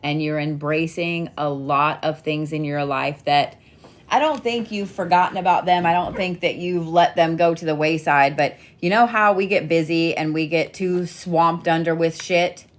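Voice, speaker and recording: A woman's voice: deep voice, normal speed. A middle-aged woman giving a casual weekly zodiac card reading, chatty and playful with frequent swearing. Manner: chatty, profane, playful teasing. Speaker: tarot and zodiac reader.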